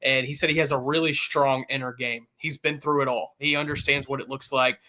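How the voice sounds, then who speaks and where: A man's voice: mid-range voice, fairly even intonation, fairly quick, sharp tone. A man who covers sports as a reporter, giving fluent, well-informed analysis as an interview guest.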